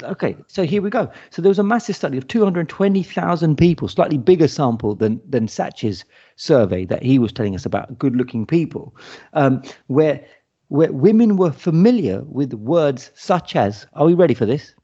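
A man's voice: on the high side, animated, moderate pace, dark tone, husky, muffled recording. A man co-hosting a casual podcast chat, reading out a word list with playful mock pronunciations. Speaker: podcast co-host.

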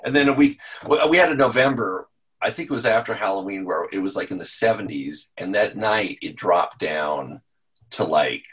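A man's voice: fairly low pitch, animated, normal speed, fairly bright tone, husky. A man guesting on a podcast, telling rambling, self-amused stories about his old job. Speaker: podcast guest, former animator. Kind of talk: casual storytelling in an interview.

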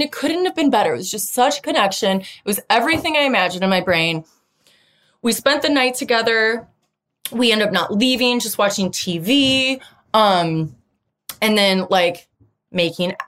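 A woman's voice: medium pitch, a bit bright. A woman in her thirties hosting a podcast and telling a personal dating story in a chatty way, often acting out other people's lines in a raised voice. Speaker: podcast host. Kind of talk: casual storytelling monologue.

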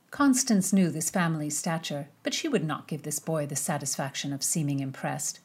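A woman narrating a historical novel aloud, with measured, expressive storytelling. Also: sits low, husky. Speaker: audiobook narrator. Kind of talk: scripted narration with character voices.

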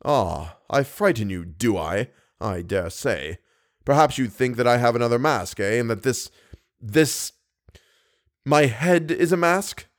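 A man voicing a hideous masked phantom who swings between roaring and low hissing, in an audiobook reading. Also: lively intonation, a little slow, natural voice. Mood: menacing.

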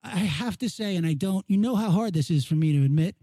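Emphatic high-voiced man chatting. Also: lively intonation, quick pace, mellow, dry recording. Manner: emphatic, enthusiastic, repeats himself. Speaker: podcast co-host. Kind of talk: casual chat.

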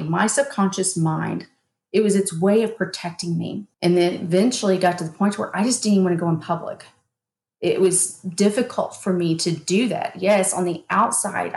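Woman interview guest, hypnotherapist, candid and forceful storyteller; echoey room. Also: lowish voice, vocal fry. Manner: frank and emphatic, with bursts of laughter. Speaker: guest, hypnotherapist and mindset coach. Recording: roomy echo.

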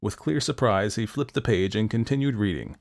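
Male folktale narrator, somewhat low, steady and expressive. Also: brisk, vocal fry. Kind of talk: storytelling narration.

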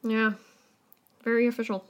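A woman's voice: a little high, level tone, moderate pace. A woman co-hosting a podcast in casual chat, often laughing, with a morbid sense of humor. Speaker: podcast co-host.

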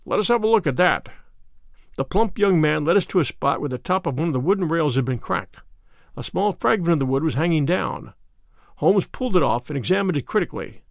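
A man giving a measured, expressive scripted narration of an audiobook. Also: a little high, creaky, dry recording, clean studio sound.

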